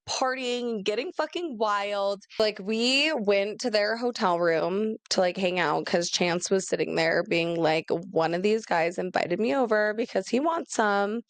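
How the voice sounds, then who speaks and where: A young woman co-hosting a podcast, telling a story in an animated, rambling way, full of "like". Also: mid-range voice, dry recording. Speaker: podcast co-host. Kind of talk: casual chat.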